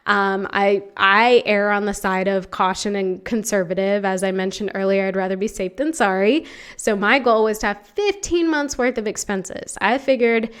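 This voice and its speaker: A woman's voice: mid-range voice, normal speed, smooth. A young adult woman hosting her own podcast, telling a personal story in a candid, emotional way with many fillers. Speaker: podcast host. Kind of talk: reflective solo podcast monologue.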